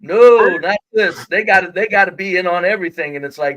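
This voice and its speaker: Man with a high, bright voice. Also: fairly quick, rough recording. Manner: blunt, emphatic. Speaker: co-host of a call-in livestream. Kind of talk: casual live-stream chat.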